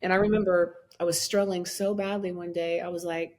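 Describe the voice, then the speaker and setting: A woman in her fifties telling her story as a podcast guest, animated, acting out her own past words with a lifted voice and laughing often as she talks. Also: mid-range voice, a little fast, few pauses. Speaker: guest, minister and life coach. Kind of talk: personal storytelling in a podcast interview.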